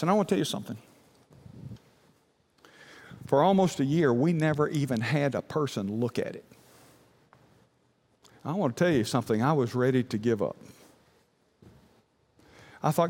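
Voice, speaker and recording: A male pastor telling a personal story in a folksy sermon, often dropping to a hushed voice. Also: on the high side, very animated, normal speed, vocal fry, long pauses, husky. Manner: folksy, with dramatic drops to a hush. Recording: long hall reverb.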